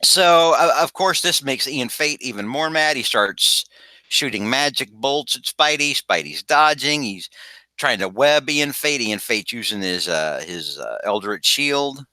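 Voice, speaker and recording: Male podcast host, bright and forward tone, dry close recording, rambling animated comic recap. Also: mid-range voice, a little slow, no echo, low-quality recording. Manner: rambling, animated, slips into quoted voices. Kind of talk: casual comic book recap.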